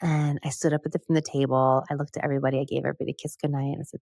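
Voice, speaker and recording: A middle-aged American woman with a low, deep voice tells her own story candidly, pausing to reflect. She is recorded close and dry, with no room sound. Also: gravelly, dry recording. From United States. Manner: candid, reflective, laughs often. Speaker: podcast host. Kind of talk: personal storytelling.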